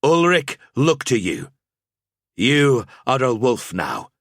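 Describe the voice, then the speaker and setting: A man's voice: medium pitch, huge pitch swings, slow, no room sound, clean studio sound, voice pushed up, exaggerated voice. A male narrator voicing a veteran knight commander who speaks soberly and ceremonially. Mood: solemn.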